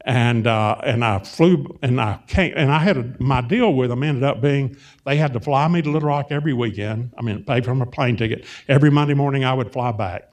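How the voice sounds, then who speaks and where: A man's voice: medium pitch, a little fast, hardly any pauses. Older Southern man, folksy rambling storyteller. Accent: Southern US, Arkansas. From Arkansas, US. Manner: meandering, self-interrupting, folksy anecdotes with many fillers. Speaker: guest, film and TV producer. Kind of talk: rambling storytelling before a live audience. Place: on stage at a public event.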